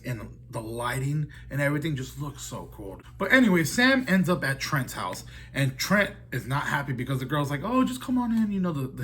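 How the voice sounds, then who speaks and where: A man's voice: mid-range voice, fairly bright tone, slightly rough. A man recapping a horror film in casual, rambling talk, swearing often and leaning on fillers like "like" and "dude". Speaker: horror movie reviewer.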